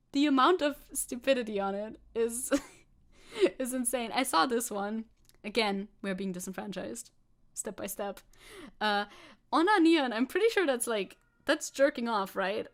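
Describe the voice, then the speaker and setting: Woman streamer, casual sarcastic commentary, slightly high voice, frequent laughs. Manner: sarcastic, laughs often, swears. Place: hot room at home.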